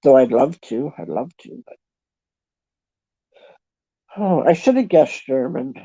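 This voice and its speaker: A Canadian woman in a casual chat, talking in a chatty, self-deprecating way and thinking out loud. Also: extremely low pitch, lively intonation, slow pace, husky, no echo. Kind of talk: casual chat with online viewers. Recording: dull lo-fi sound.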